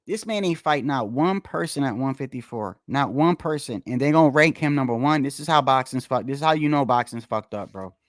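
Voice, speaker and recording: Heated, animated man ranting about boxing. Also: medium pitch, a little fast, hardly any pauses, no room sound, clean studio sound. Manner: profane, repetitive, heated, talks straight to viewers. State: tired after a long day. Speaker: boxing commentator. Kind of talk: casual ranting commentary.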